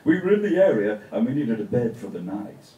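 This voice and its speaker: A man voicing God as a self-assured old man with an American accent, speaking calmly and with command, in a roomy space. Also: mid-range voice, a little fast, distant mic, lo-fi sound, pitched below the performer's own voice, lightly acted.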